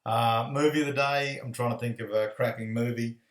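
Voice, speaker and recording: An Australian airline pilot giving a casual, rambling, friendly video message full of fillers. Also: male voice, medium pitch, fairly even intonation, fairly quick, recorded from a distance. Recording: echoey room.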